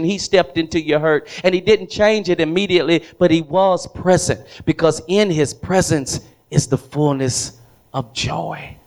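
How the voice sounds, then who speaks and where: Storytelling preacher, fairly high voice. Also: male voice. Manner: storytelling preacher who repeats words and asks the congregation questions. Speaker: pastor. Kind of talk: sermon. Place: church hall with congregation.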